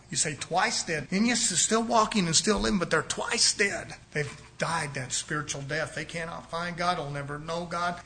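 A man's voice: on the high side, sharp tone. A man preaching an impassioned, emphatic sermon to his congregation. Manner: impassioned, emphatic, addresses brothers and sisters.

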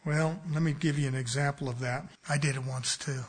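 A man, the pastor, preaching a sermon in church with folksy examples, swinging between loud emphatic bursts and quiet asides. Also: mid-range voice, steady tone, fairly quick, husky. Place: church sanctuary.

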